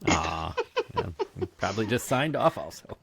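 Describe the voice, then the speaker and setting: A man's voice: sits low, sing-song, normal speed, vocal fry, noisy background. A man hosting a podcast in casual chat, rambling with many fillers and restarts. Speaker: podcast host.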